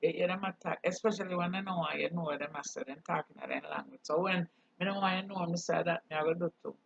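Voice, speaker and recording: Gravelly Jamaican man, husky and earnest. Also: on the high side, fast talker, a bit bright, no echo. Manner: earnest, preachy, mixes patois with English. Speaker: channel host. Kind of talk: casual monologue. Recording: dull dry recording.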